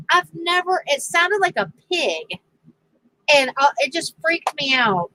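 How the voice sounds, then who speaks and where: Slow-talking bright-voiced woman. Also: high voice, big pitch swings, poor audio. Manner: storytelling with frequent laughter. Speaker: crafting channel host. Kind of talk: casual chat.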